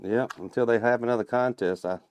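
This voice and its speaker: A man from Minnesota, a guest on a podcast, explaining things in a relaxed, casual way and chuckling often. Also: medium pitch, brisk, clear, resonant tone. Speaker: guest, turkey call maker and calling champion.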